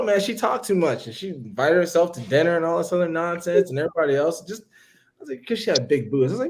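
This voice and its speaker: A man's voice: fast, slight background noise. A man casually telling a long story on a podcast, acting out what people said with big jumps in his voice. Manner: animated, acts out quotes with big pitch jumps.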